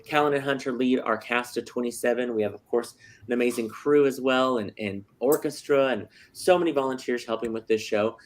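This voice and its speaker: A middle-aged man hosting a casual theater talk show, excitable and full of fillers. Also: mid-range voice, brisk, slight background noise. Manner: chatty, excitable, lots of fillers. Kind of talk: casual livestream chat.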